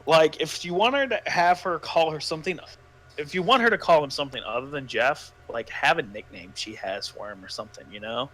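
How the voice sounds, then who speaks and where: A man's voice: fairly high pitch, brisk, sharp tone. A man giving sarcastic, exasperated commentary while reading a story aloud with a co-host, often swearing. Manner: mocking, profane, exasperated.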